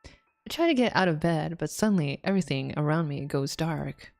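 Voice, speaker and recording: A woman's voice: sits low, animated, normal speed, gravelly, darkish tone, soft background music. A woman streamer casually playing a story game, reading its text aloud, laughing often and exclaiming at the twists. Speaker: VTuber streamer.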